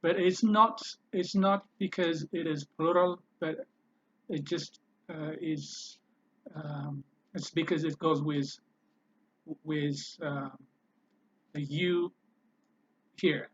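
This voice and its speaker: A man teaching a language lesson, talking slowly and hesitantly, with many fillers and repeated words. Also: a little high, steady tone, breathy edge. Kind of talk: slow spoken language lesson. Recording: dull lo-fi recording.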